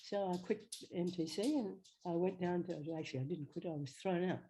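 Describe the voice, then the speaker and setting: An older woman, an actress guest telling chatty, animated stories in an interview. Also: lowish voice, fairly quick, a little hiss or hum. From Australia. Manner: chatty, animated, slips into quoted voices. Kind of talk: anecdotal storytelling.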